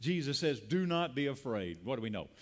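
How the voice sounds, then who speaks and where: A man's voice: mid-range voice, big pitch swings, brisk. A man preaching a sermon as a pastor, speaking to a congregation, calling out lines for them to repeat and building to emphatic peaks. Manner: preaching with call-and-response and rising emphasis. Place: church sanctuary.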